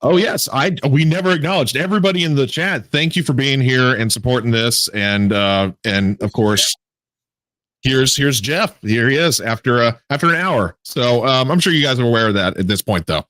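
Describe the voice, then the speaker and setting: A man's voice: medium pitch, animated, normal speed, a bit bright, no echo. An enthusiastic man hosting a casual podcast interview, in a mid-range voice recorded dry and close. He talks eagerly, often breaking off and restarting his sentences. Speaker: podcast host.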